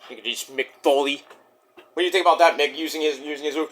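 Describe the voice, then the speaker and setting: A man reviewing a wrestling show in a casual vlog, excitable and profane, with sudden yelled exclamations. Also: a little high, fast talker.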